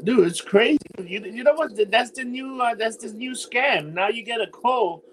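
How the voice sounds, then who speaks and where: A man from New York talking in an animated, profane way in a casual chat, often calling his friend "dude". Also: very high voice, normal speed, a little hiss or hum, low-quality recording.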